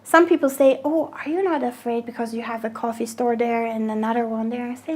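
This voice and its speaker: Speaking briskly with hardly any pauses, a high-voiced woman, raised in Germany and now running a cafe, gives a documentary interview. Her delivery is lively, full of acted-out dialogue and frequent laughter.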